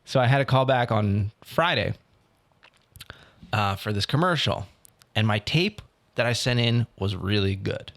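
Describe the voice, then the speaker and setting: A young man co-hosting a podcast, telling a story in a casual, animated way and acting out what other people said. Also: fairly low pitch, measured pace, gravelly, pauses often. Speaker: podcast co-host. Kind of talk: casual chat.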